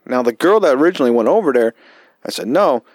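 A man's voice: medium pitch, animated, fast, darkish tone, no echo. Male vet podcaster, casual swearing storyteller, dry close sound. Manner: profane, rambling, with frequent fillers. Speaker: podcast host, military veteran.

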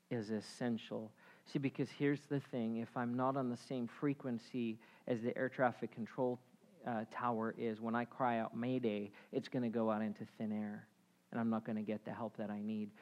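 A man preaching a sermon as pastor, swinging between loud emphatic calls and quiet asides. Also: medium pitch, lo-fi sound.

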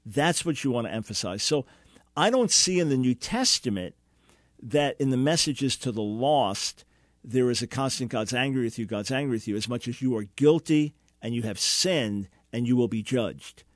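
A man's voice: medium pitch, expressive, moderate pace, no echo, studio quality. A man hosting a radio call-in show, earnestly explaining and answering a caller's question, sometimes acting out quoted dialogue.

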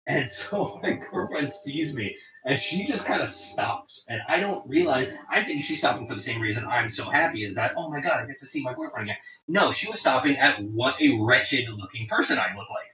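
A man in his forties casually telling rambling, profane stories about touring, with animated quoting. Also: mid-range voice, moderate pace, hardly any pauses. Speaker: guest telling tour stories. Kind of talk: casual storytelling chat. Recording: roomy, distant, dull lo-fi sound.

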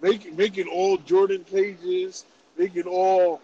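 A man around forty, telling a story in animated, profane, laughing casual podcast chat. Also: high voice, takes it slowly, lo-fi sound, a little hiss or hum. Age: about 40. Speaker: podcast host.

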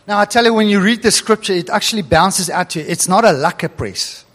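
A middle-aged man preaching a sermon in a church hall, animated and chuckling as he reads scripture aloud. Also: high voice, fairly quick. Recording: long hall reverb.

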